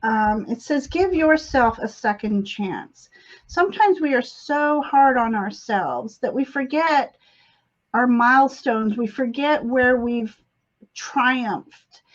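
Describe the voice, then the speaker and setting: A woman doing a live spiritual reading on a webcam, in a gentle, encouraging manner. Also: a little high, takes it slowly, highs cut off. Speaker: psychic reader.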